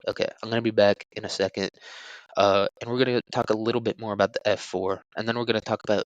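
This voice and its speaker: A man's voice: fairly low pitch, dry recording, rough recording. A young man hosting a solo podcast, rambling crudely with jokes and lots of fillers. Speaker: podcast host. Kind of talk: casual solo podcast talk.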